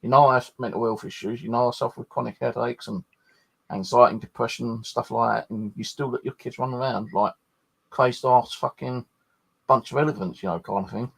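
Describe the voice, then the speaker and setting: A man hosts a paranormal channel in a loose, late-night chat. His voice is gravelly and somewhat husky at a middling pitch, and he rambles from one complaint to the next, swearing freely. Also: steady tone, fairly quick.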